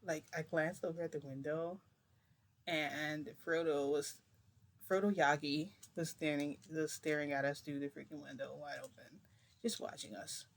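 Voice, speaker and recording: A woman telling a long personal story in a casual, rambling way, full of fillers and restarts, keeping her voice low. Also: steady tone, normal speed, creaky. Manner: rambling, filler-heavy retelling with many restarts; speaks low to keep quiet. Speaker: storytime vlogger.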